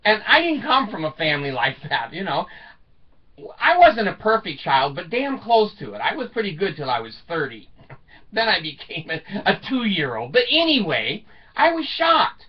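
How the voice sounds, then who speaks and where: A man's voice: sits high, huge pitch swings, normal speed, breathy edge. A man in his seventies telling rambling comic stories, chuckling often and swearing casually. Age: 70s. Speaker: storyteller. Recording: dull lo-fi sound, distant from the mic.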